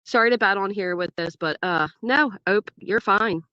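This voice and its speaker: A woman's voice: medium pitch, moderate pace, sharp tone, smooth, dry recording. A woman in her thirties hosting a casual livestream, chatting and greeting viewers by name as she reads the chat. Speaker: livestream host. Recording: dull dry sound.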